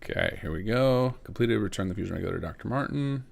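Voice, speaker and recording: A man narrating his modding session live, thinking aloud in quick, casual bursts and tossing off jokes. His voice sits fairly low and carries a gravelly, fry-heavy texture. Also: expressive. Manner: rapid, casual thinking aloud with joking asides. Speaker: game modder streaming his work. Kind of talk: live commentary while modding.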